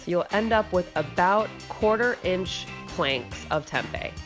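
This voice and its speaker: Upbeat, lower-voiced woman cooking host. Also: expressive, a little slow, over music. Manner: chatty and upbeat, with casual fillers. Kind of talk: casual cooking chat and recipe voice-over.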